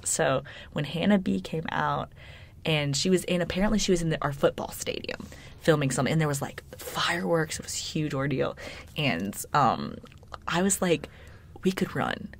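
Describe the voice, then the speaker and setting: A young woman from Alabama with a low voice and a Southern accent, chatting casually as a podcast co-host. She rambles and fills her talk with ums and likes. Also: vocal fry. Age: young adult. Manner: chatty, rambling, many fillers. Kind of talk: casual chat.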